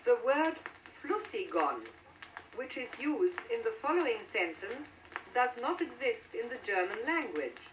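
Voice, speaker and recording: A woman giving measured, scripted documentary narration on an old record. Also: fairly high pitch, sing-song. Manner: measured, explanatory delivery. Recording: distant, hissy old vinyl recording.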